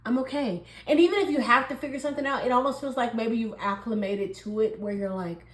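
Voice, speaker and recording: A woman's voice: a little high, quick pace, roomy sound, rough recording. A woman giving a casual tarot reading in a chatty way. She laughs often and acts out little dialogues. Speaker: tarot reader.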